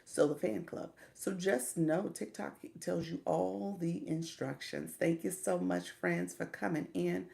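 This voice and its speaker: A middle-aged woman hosting a live stream in a relaxed, chatty way. Her voice sits low and has a gravelly edge. She greets viewers by name and laughs easily as she explains things. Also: unhurried, few pauses. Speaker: livestream coach. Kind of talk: casual live stream chat.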